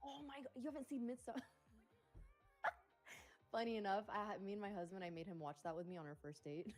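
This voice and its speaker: A woman's voice: mid-range voice, a little fast, soft background music. A woman co-hosting a live trading stream in casual chat, laughing often and filling her talk with "like". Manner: giggly, laughs often, says "like" a lot.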